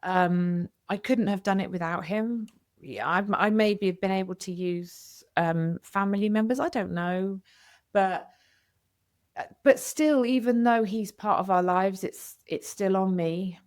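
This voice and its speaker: A woman's voice: mid-range voice, unhurried. A middle-aged woman speaking as a podcast guest, earnest and reflective, often restarting her sentences. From United Kingdom. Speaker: podcast guest, widow coach. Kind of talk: candid podcast conversation.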